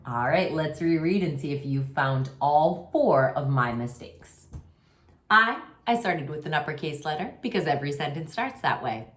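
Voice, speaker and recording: A woman's voice: sits low, lively intonation, normal speed. A woman teaching a remote kindergarten writing lesson, talking to young children in a patient, sing-song way.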